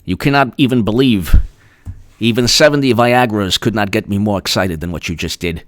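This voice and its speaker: A breathy, lovesick old senator crooning sweet nothings, as a man puts him on. The delivery is slow and swooning, recorded close and dry with no room sound. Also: lowish voice, no room sound, lightly acted.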